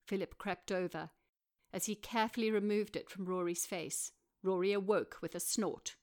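A woman narrating an audiobook in an even, measured way. Her voice sits at a middle pitch, and she reads steadily through the story.

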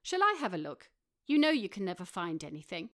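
A woman's voice: lowish voice, very animated, brisk, a bit bright. A woman voicing a fretful, sensible middle-aged Englishwoman who speaks in an anxious, protesting way.

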